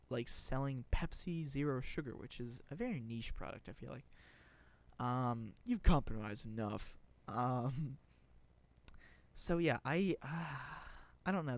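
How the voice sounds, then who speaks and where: A young man rambling through casual commentary, sarcastic and profane, with many restarts. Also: mid-range voice. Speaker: video creator.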